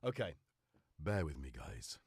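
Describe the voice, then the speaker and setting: A self-mocking man with a Liverpool-tinged British accent chats on a live stream from his home studio. He sounds full of cold, and his lively voice rises and falls a lot. The sound is dry, with no room echo. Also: very deep voice, unhurried, creaky, slightly rough. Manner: chatty, rambling, self-mocking. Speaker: livestream host. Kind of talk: casual live-stream chat.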